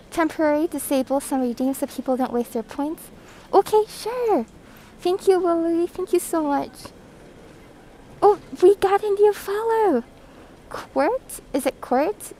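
Brief: woman streamer, high and unhurried, chatty, breathing hard behind a mask, phone mic, faint background hum. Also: low-quality recording. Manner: chatty, reads chat aloud, greets viewers excitedly. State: breathing heavily through a thick mask. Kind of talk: casual live stream chat. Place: airport terminal, indoors. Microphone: phone held by hand.

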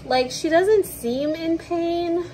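A woman's voice: very high voice, slow pace, dark tone, slight background noise, low-quality recording. A woman vlogger chatting casually to camera at home, telling stories in a slangy, joking way. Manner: chatty, slangy, jokey storytelling.

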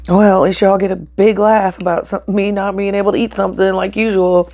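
A woman's voice: medium pitch, little pitch movement, fairly quick, warm tone. A woman chatting casually to her camera while eating, blunt and frank, swearing and then apologizing. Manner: talks between bites while eating. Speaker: mukbang vlogger.

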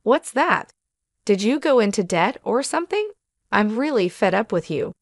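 A woman's voice: medium pitch, sing-song, normal speed, dry recording. A woman voicing an angry, entitled adult son who snaps scornfully, in a story reading. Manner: snapping, scornful.

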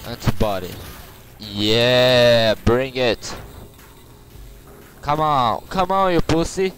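A man's voice: medium pitch, slow pace, long pauses. A man commentating his own gameplay, frustrated and swearing at the boss he is fighting. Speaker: gamer. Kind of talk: let's play commentary. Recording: faint game music behind.

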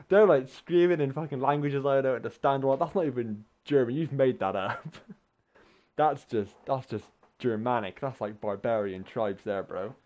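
A man hosting a gaming channel, telling a story in a casual, sweary, rambling way, full of filler words and quick acted-out voices. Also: mid-range voice, muffled recording. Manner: animated, acts out voices in the story. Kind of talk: casual storytelling over gameplay.

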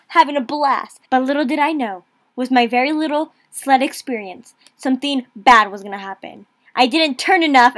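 A woman's voice: high voice, no room sound. A young woman vlogging in a chatty, dramatic, self-mocking way, talking while she drives a car. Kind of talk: casual vlog chat. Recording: noisy car interior.

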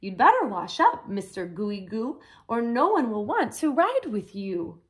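A woman voicing a friendly, neat female taxi in a picture book, speaking softly and confidingly. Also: a little high, big pitch swings, measured pace. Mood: teasing. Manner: soft, confiding.

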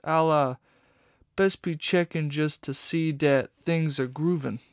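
A man's voice: fairly high pitch, steady tone, slow, no echo, clean studio sound. Man doing a slangy nervous lizard hustler. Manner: hip slang, stammers when nervous. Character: jittery male lizard con man using slang.

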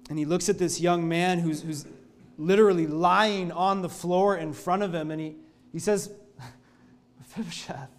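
A male pastor preaching a sermon in a church, telling the story in an earnest, expressive way. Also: high-pitched, moderate pace.

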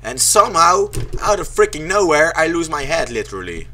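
A man's voice: on the high side, sing-song, brisk, few pauses, background noise. A young man, not a native English speaker, doing sarcastic let's play commentary, cursing and yelping at the game. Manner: sarcastic, swears a lot, yelps and shouts at the game. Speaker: gaming commentator.

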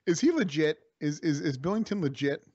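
A man's voice: a little high, lively intonation, brisk, darkish tone, no echo. A man co-hosting a casual podcast, joking, interrupting and swearing. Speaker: podcast co-host. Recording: dull, slightly lo-fi dry audio.

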